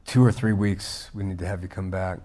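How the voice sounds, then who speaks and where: A man hosting the interview, asking a measured question and adding brief affirmations. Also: sits low, fairly even intonation, mellow. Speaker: podcast host.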